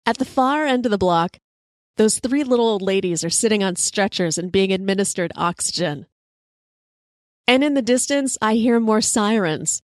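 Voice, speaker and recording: A woman hosting a podcast, telling a personal story in a lively, conversational way. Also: mid-range voice, no room sound. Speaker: podcast host. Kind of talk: storytelling monologue.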